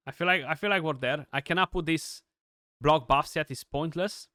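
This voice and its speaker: A young man giving chatty, excitable live commentary on his gameplay, with many restarts and fillers. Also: fairly high pitch, moderate pace, dry recording, clean studio sound. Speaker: gaming streamer.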